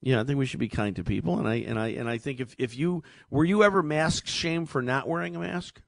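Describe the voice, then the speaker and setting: A man hosting a call-in radio show, telling stories in an animated way and often repeating words as he talks. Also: mid-range voice, a little fast, creaky, no echo. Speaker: radio talk show host. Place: radio studio. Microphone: studio microphone.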